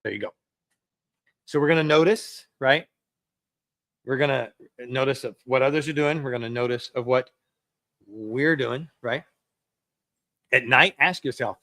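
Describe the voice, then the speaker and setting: A man's voice: medium pitch, a little slow, long pauses, sharp tone, no room sound. A man preaching a sermon as a pastor, in a conversational way that acts out everyday excuses.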